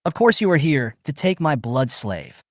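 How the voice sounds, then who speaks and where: A man's voice: a little high, big pitch swings, normal speed, dry recording, studio quality. A man voicing a blustering, arrogant old beast master. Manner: blustering, threatening. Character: arrogant older male American beast master.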